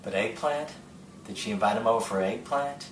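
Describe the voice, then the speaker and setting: A man's voice: on the low side, brisk, poor audio. A man from New Jersey telling a personal story in a wry, self-mocking way. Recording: handheld camera with loud vehicle noise.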